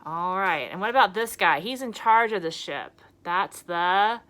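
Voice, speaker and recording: A young woman teaching a lesson to small children, speaking slowly, clearly and with lots of encouragement. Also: fairly low pitch. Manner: animated, encouraging, slow and clear. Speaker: preschool teacher.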